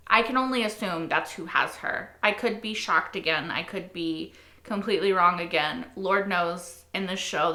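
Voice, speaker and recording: Reaction host, woman, mid pitch, bright edge; animated, swearing, looping phrases; echoey room sound. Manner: animated, swears a lot, repeats phrases in frustration. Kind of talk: casual reaction commentary. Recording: roomy echo.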